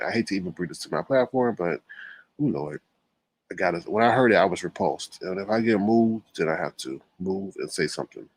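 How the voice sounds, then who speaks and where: A man hosting a casual livestream, lively and exclamatory, dropping to low mutters between points. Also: dry recording. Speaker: livestream host.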